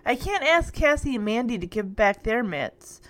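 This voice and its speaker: A woman's voice: a little high, very animated, moderate pace, fairly bright tone, dry recording. A woman voicing an anxious fourth-grade girl who pleads and worries. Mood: worried.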